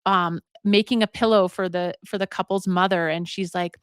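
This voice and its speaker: A woman's voice: fairly low pitch, steady tone, fairly quick, creaky, hardly any pauses, no room sound, studio quality. A woman hosting a livestream, casually retelling a folk tale, often stopping to correct herself. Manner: rambling, self-correcting. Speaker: host.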